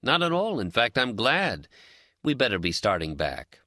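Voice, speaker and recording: A dry, teasing Zen friend with a pipe, unhurried and a touch higher than the reader's own voice, as a male narrator puts him on. His speech swings lively and bright in a dry, close audiobook recording. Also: dry recording. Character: calm wry male friend, a pipe-smoking Zen companion. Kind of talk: audiobook character dialogue.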